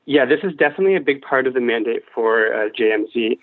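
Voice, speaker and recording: A male opera tenor from Nova Scotia, talking in a casual interview with frequent pauses and ums. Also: medium pitch, expressive, dry recording. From Nova Scotia, Canada. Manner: thoughtful, many ums and restarts. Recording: tinny phone-like dry line.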